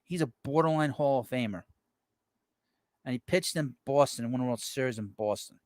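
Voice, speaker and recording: A man's voice: mid-range voice, brisk, dry recording. A man hosting a casual live baseball talk show, rambling as he reads viewer messages aloud and reacts to them offhand. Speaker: sports talk show host. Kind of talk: casual live-stream chat about baseball.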